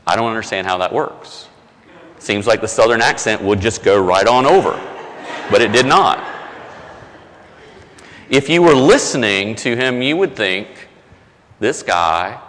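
A man's voice: on the low side, a bit bright, in a large hall, a little hiss or hum. A male pastor delivering a sermon in a conversational, self-deprecating storytelling way, with frequent restarts.

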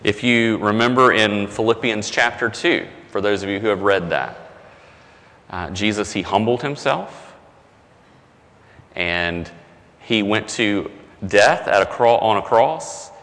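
A man's voice: on the low side, slow, pauses often, fairly bright tone, long reverb tail. A male pastor delivering a sermon in a conversational, self-deprecating storytelling way, with frequent restarts.

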